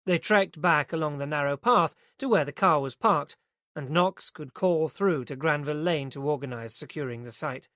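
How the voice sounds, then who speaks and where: A man's voice: on the high side, normal speed, a bit bright, no echo. Man narrating a crime audiobook, dry. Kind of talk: scripted narration.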